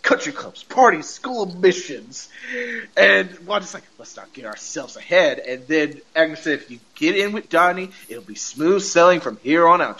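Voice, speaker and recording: A man's voice: sits high, bright, forceful tone, muffled recording. A podcast host casually recapping a TV episode, laughing often and acting out the characters' lines as he retells the scenes.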